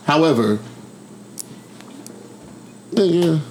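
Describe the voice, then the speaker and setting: A man's voice: on the high side, expressive, drawn-out words, noisy background. A man in casual podcast chat, teasing and joking in slang.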